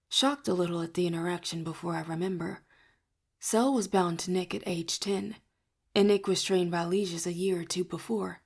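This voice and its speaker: A woman reading a first-person novel aloud in a soft, hushed way, often near a whisper. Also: fairly low pitch, gravelly, husky. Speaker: audiobook reader. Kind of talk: first-person audiobook narration.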